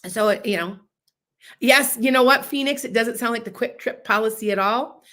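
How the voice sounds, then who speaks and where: A woman, hosting a podcast livestream and chatting casually as a loud, boisterous storyteller. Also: on the high side, moderate pace. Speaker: podcast host.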